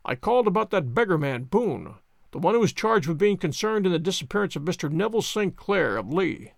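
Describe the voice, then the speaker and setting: A man voicing a calm, sharp-witted detective who speaks in a measured, composed way. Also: sits high, creaky, no echo, clean studio sound, heavily acted.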